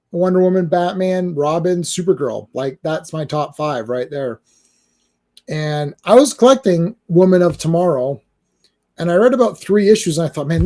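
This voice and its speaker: Male podcast host, casual rambling comics talk, stammers and restarts, mellow tone pitched a touch high. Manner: rambling, stammers and repeats words. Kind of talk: casual chat while reading comics live.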